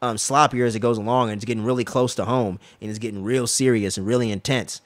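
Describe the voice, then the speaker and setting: A man's voice: medium pitch, fast, dry recording. Slangy, profane man, dry close sound. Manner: slangy, profane, animated retelling. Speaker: podcast host. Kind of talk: casual recap chat.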